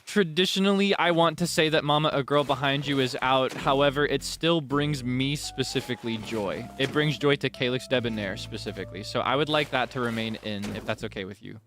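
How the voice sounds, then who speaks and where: A man streaming a life-sim game, chatting playfully and dramatically, swinging between deadpan asides and giggling. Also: medium pitch, brisk, few pauses. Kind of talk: casual game stream chat. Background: game music.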